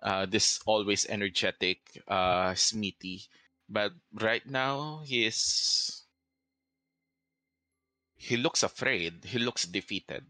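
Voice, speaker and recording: A man narrating as game master of a tabletop game, halting and full of fillers. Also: fairly low pitch, bright, forceful tone, no room sound, rough recording. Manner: halting, hesitant with many fillers.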